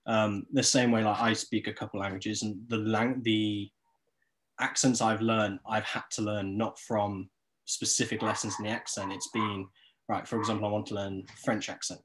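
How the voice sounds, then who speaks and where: A man's voice: on the low side, little pitch movement, moderate pace, fairly bright tone, rough recording. A man co-hosting a podcast, giving earnest, practical advice in a casual chat. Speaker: podcast co-host.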